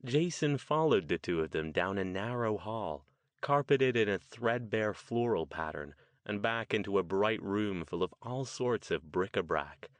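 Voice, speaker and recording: Low-voiced male audiobook narrator. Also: expressive, unhurried, no room sound. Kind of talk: scripted narration.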